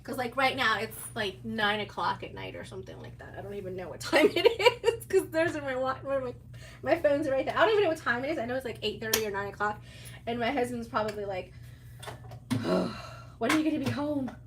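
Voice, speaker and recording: A woman's voice: on the high side, fairly quick. A woman hosting a sewing live stream, chatting casually and laughing often as she answers viewers while she works. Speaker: sewing livestream host. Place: sewing workspace away from home. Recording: distant mic with audible background noise.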